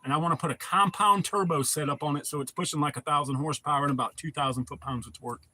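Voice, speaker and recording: A man's voice: a little high, steady tone, fast talker, bright, forceful tone. A man chatting casually on a livestream, rambling and profane as he answers viewer comments. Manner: rambling, profane, laid-back. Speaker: livestream host.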